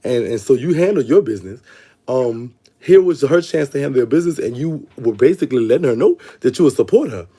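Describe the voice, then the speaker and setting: A man hosting a call-in advice line, rattling off his words at a quick clip. His voice is dark and mellow with a husky edge, and his pitch swings widely as he talks. He speaks to callers with pet names like "my baby". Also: lively intonation. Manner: fast-talking, calls callers "my baby" and "sister". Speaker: advice show host.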